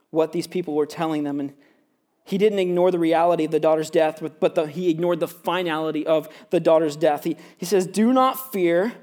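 A man's voice: a little high, darkish tone. A male pastor preaching a sermon in a loose, conversational way, often asking "right?".

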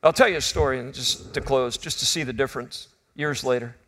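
A man's voice: mid-range voice, a little fast. A man in his fifties preaching a sermon, telling a personal story in an earnest, conversational way. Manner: earnest, conversational storytelling, swings from loud bursts to quiet intimacy.

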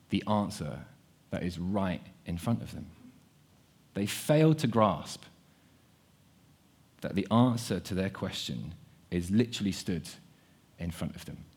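A man's voice: lowish voice, breathy edge. A young man preaching a sermon, earnest, often repeating words as he thinks aloud. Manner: earnest, repeats words, shifts between quiet and animated.

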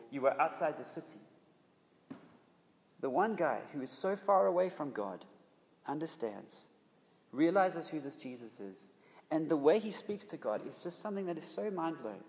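A man's voice: a little high, big pitch swings, normal speed. Man preaching in a reverberant hall. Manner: emphatic, conversational, repeats and restarts phrases. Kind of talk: sermon.

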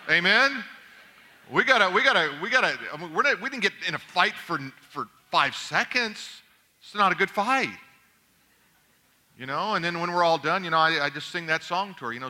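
Bright-voiced man preaching a sermon. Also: a little high. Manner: conversational, acts out little dialogues. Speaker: pastor.

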